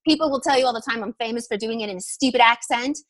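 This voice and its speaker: A woman health coach giving energetic, emphatic tips on a training call. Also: a little high, fast, dry recording.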